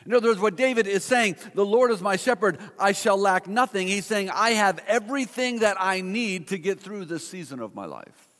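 A middle-aged man preaches from the pulpit in a measured, emphatic way, drawing out the scripture he quotes. His voice sits fairly high for a man. The sound carries a long reverb, as in a large church hall. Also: lively intonation, a bit bright. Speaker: pastor. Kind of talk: sermon.

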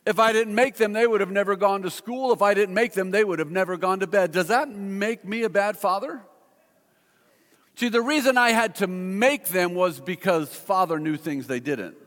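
A middle-aged man preaches from the pulpit in a measured, emphatic way, drawing out the scripture he quotes. His voice sits fairly high for a man. The sound carries a long reverb, as in a large church hall. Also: fairly bright tone. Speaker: pastor. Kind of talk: sermon.

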